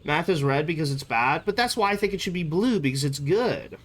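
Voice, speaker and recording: A young adult streamer chats casually on a live stream, rambling and playful as they hop from topic to topic. The voice sits in the mid range, animated and fairly quick.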